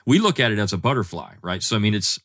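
Man, podcast guest, very lively pitch, bright tone, dry close sound. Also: quick pace, no room sound. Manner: animated, frequent restarts and fillers. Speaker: guest historian. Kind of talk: podcast interview.

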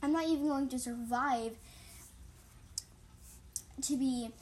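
A woman's voice: sits high, takes it slowly. A woman voicing a young female apprentice cat in a read-aloud story, stumbling and restarting now and then. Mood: agitated. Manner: excited outbursts, reading slips.

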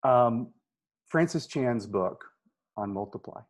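Man, missionary guest, self-deprecating, halting with fillers, average pitch. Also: expressive. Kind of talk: casual interview chat.

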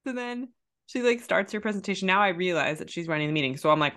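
Woman doing chatty storyteller, lively, laughs through her anecdote, spikes up for quoted outbursts. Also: a little fast. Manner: animated, jumps high when quoting herself; lots of fillers and restarts, laughs while telling. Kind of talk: casual chat, anecdote.

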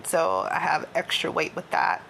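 A woman's voice: low-pitched, sing-song, moderate pace, creaky, a bit bright, slight background noise. A woman, hosting and candidly telling a self-deprecating personal story, often laughing. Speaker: podcast host. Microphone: home microphone.

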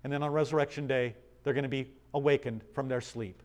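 A man's voice: mid-range voice, fairly even intonation, fast talker, darkish tone. A man preaching a Bible study sermon, reading passages aloud and asking his listeners questions in a conversational way. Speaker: pastor.

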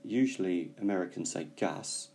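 A man teaching English vocabulary, explaining slowly and carefully with frequent pauses. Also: low-pitched, expressive, vocal fry, dark tone. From Britain. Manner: slow, careful explanations with hesitations. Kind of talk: bilingual language lesson.

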